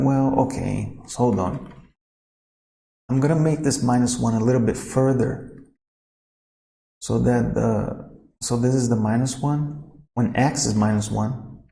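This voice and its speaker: Man, math teacher, screen-recorded lesson, informal self-correcting, roomy echo, mellow tone. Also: medium pitch, gravelly.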